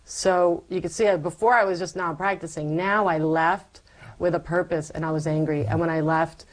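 A woman as an interview guest, giving a personal faith testimony as a lively storyteller who acts out her past self. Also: on the low side, normal speed, low-quality recording.

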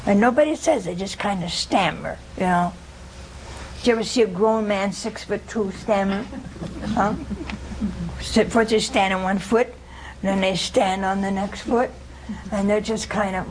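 A woman's voice: mid-range voice, normal speed, a little hiss or hum, poor audio. A woman giving an informal sermon, quizzing her listeners, chuckling and acting out quoted speech. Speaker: religious teacher. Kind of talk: informal sermon with audience questions.

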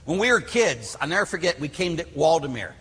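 A middle-aged man from Pittsburgh preaches as a priest, his voice husky yet bright and rather high. He tells his stories with lively energy and plenty of fillers. His words ring out with the long reverb of a church hall. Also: fairly quick, a little hiss or hum. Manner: animated storyteller acting out quotes, many fillers. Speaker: Catholic priest. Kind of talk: storytelling sermon.

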